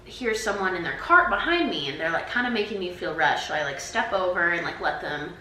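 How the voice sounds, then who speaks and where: A woman's voice: on the low side, expressive, fairly quick, pushed and bright, reverberant, a little hiss or hum, low-quality recording. A woman in her twenties vlogging to her camera, telling stories in a chatty way full of "like". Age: 20s. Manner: chatty, peppered with "like". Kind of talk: casual storytelling to camera. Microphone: camera mic.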